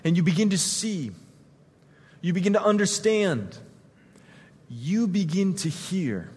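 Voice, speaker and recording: High-voiced dramatic preacher man. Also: lively intonation, a little slow, long pauses, slightly rough, long reverb tail. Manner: vivid, dramatic storytelling that swings from loud to hushed. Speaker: pastor. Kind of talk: sermon.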